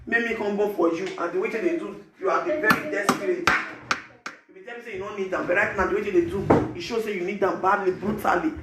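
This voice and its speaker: A man speaking Nigerian Pidgin English, giving animated, preachy advice to his viewers in a casual vlog. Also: high-pitched, fast talker, echoey room, heavy background noise. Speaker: vlogger.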